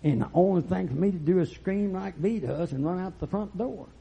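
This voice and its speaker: Man, pastor, fiery folksy sermon, rough gravelly tone, slightly high voice, dull lo-fi sound. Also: fairly quick. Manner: folksy, dramatic, swings from murmurs to shouts. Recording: lo-fi recording.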